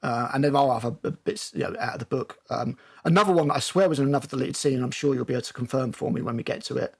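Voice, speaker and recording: A man's voice: mid-range voice, racing, creaky, slightly rough. A man with a British accent hosting a casual film discussion, recapping scenes at length with many ums and restarts. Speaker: film review host.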